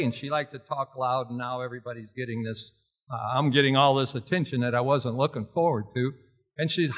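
An older man preaching in an animated storytelling way, laughing often and jumping to shouts. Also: medium pitch, a little fast. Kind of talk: storytelling sermon.

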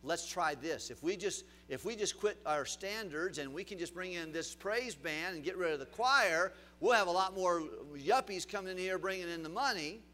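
A male pastor preaching a sermon, swinging between loud emphatic bursts and quiet drops, asking the congregation questions as he goes. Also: sits high, normal speed, few pauses.

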